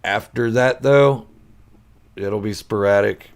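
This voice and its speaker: A man with a low, gravelly voice chats with viewers on a live stream. He is goofy and quick to laugh, telling stories and answering comments in a loose, casual way. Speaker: channel host chatting with live viewers.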